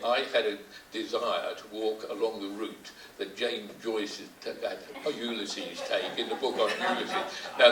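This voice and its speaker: An older man moderating a panel, telling anecdotes with chuckles and hesitant restarts. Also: fairly low pitch. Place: conference hall. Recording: roomy hall, distant mic, faint hiss.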